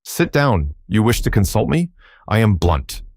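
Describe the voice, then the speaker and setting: A man voicing a brisk, confident young detective who speaks crisply and grandly. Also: fairly low pitch, very animated, a little mellow, no room sound, clean studio sound, pitched above the performer's own voice, full character voice.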